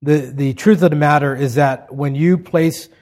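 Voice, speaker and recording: A man preaching a sermon, rising to loud high emphatic peaks and falling to quiet low endings. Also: normal speed. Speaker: pastor.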